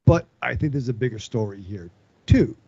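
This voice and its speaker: A man chatting casually about a horror film on a podcast, halting and laughing, with casual swearing. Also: mid-range voice, lively intonation, creaky, mellow, breathy edge, no room sound, lo-fi sound.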